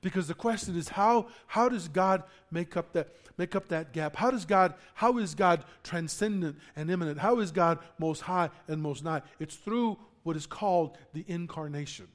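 A man preaching a sermon, swinging from loud emphatic declarations to low explanations, often repeating himself and putting questions to the congregation. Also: normal speed, few pauses. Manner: repeats words and restarts, asks the congregation questions. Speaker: pastor.

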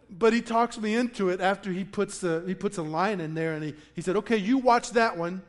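A pastor preaching to a congregation, telling a funny story with acted-out quotes before turning to the lesson. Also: male voice, high-pitched, a little fast. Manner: animated storyteller, acts out quotes with laughter. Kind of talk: sermon with a personal story. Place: church in front of a congregation.

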